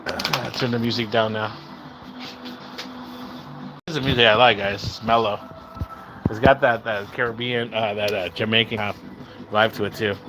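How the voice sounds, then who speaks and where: A man hosting a casual livestream, chatting and rambling to his viewers, mixing in Spanish words and breaking into excited whoops. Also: fairly low pitch, normal speed, long pauses. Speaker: livestream host.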